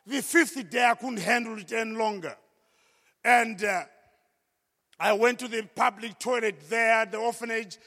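Man with a really high gravelly voice giving a testimony, booming reverb from a big hall. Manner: emphatic storytelling, at times shouting. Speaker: speaker giving a personal testimony. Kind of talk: testimony speech to an audience. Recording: long reverb of a large hall.

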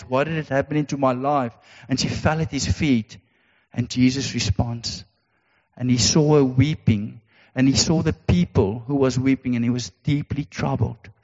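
A man's voice: mid-range voice, darkish tone. A man preaching a sermon, earnest and repetitive, with emphatic rhetorical questions. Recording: dull sound in a reverberant hall.

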